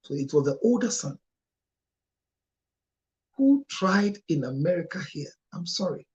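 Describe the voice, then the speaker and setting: A man speaking as a marriage counselor in an impassioned monologue, emotional and close to tears at times, his voice jumping suddenly higher and louder. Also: sing-song, unhurried. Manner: emotional, with sharp rises in pitch and loudness.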